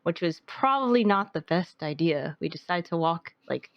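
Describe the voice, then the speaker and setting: Telling a rambling story as a podcast co-host, a young woman speaks in a lowish voice with lively intonation at normal speed, using "like" a lot in casual chat. The recording is dry, with the highs cut off.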